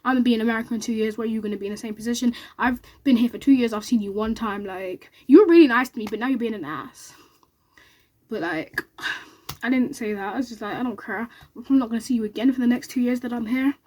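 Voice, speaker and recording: A young woman, vlogging to camera and telling an excited story in a rapid, animated way, acting out what others said. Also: on the high side. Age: young adult.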